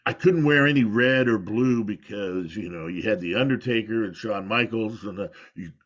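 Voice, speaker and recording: A man's voice: fairly low pitch, moderate pace, a bit bright. A middle-aged man, a former pro wrestler, telling rambling, candid stories in an interview and laughing at himself. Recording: dull lo-fi audio.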